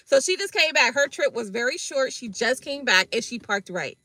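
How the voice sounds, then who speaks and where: Lively, high-voiced woman tarot host. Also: moderate pace, no echo. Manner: animated, profane, laughs often. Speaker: tarot reader and live stream host. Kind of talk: casual live-stream chat.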